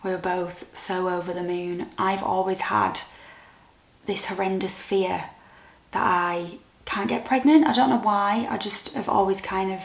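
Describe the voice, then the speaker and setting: A young British woman vlogger telling a personal story to camera in a soft, candid, halting way that turns emotional. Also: mid-range voice, fairly even intonation, creaky. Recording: echoey room.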